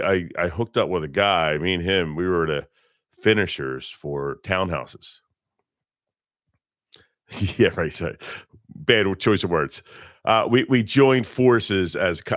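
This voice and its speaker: Deep-voiced middle-aged man telling blunt work stories. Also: fairly bright tone, no echo, studio quality. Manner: rambling, blunt, self-correcting. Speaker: interview guest, electrician. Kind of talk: casual storytelling.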